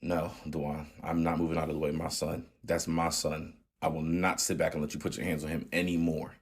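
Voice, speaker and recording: A man's voice: sits low, fairly even intonation, quick pace, a little mellow, slightly rough. A man voicing his mother as a firm, plain-spoken, protective woman.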